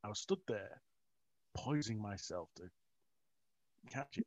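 A man's voice: on the low side, animated, measured pace, darkish tone, no echo. A middle-aged man in a casual chat, rambling with restarts, self-mocking and often chuckling. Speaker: interview guest. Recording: dull lo-fi recording.

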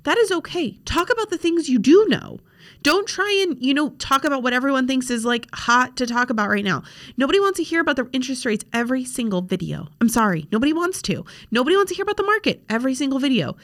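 High-pitched, expressive, and a bit bright, this young woman talks at a quick pace. She's a social media coach hosting a podcast from her home desk and laptop, in a chatty, frank style with many fillers.

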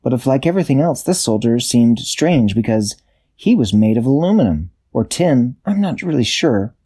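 A man improvising a children's bedtime story, unhurried, searching for words and correcting himself. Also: medium pitch, big pitch swings, dark tone, slightly rough.

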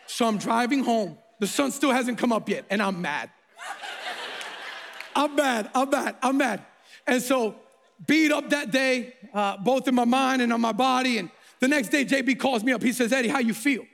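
Middle-aged male pastor, animated self-mocking storyteller, gravelly edges, church hall echo. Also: extremely high pitch, moderate pace. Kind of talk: sermon with personal story. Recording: long hall reverb.

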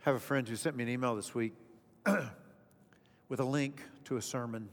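Male pastor, mid-range voice, preaching with dramatic loud-to-soft swings; long church-hall echo, soft music bed. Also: medium pitch, moderate pace. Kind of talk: sermon. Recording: echoey hall with faint music.

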